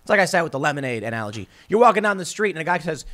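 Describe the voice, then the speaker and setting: A male podcast host with a slightly high-pitched voice talks through political commentary in an animated, sarcastic way. He stumbles over his own words, repeating them and restarting sentences as he goes. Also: very fast, few pauses. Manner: animated, sarcastic, mocks opponents in put-on voices.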